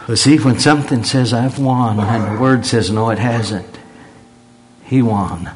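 Man, preacher, sermon, slow and deliberate, earnest, repeats himself for emphasis. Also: mid-range voice, breathy edge. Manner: earnest, repeats phrases for emphasis, humorous asides.

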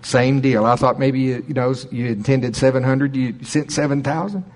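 A middle-aged man preaching, telling a story in an animated way and acting out quoted people with a raised voice. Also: mid-range voice, moderate pace. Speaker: pastor. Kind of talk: sermon storytelling.

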